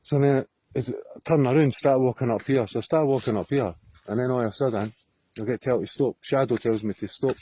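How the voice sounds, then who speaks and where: A man's voice: medium pitch, brisk, dark tone, no room sound. A Scottish man telling a story to camera outdoors on a hillside, rambling, swearing freely and often laughing. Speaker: vlogger.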